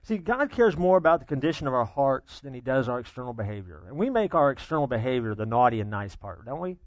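A man preaching a sermon, telling a story in an animated way, dropping to a hush and then rising loud. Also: mid-range voice, fast talker, dry recording. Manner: animated storyteller, swings between hushed and loud. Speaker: pastor.

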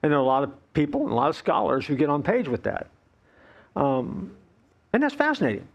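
A male pastor preaching a playful, animated sermon, acting out the voices of complaining people. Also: fairly high pitch, fairly quick, vocal fry, muffled recording.

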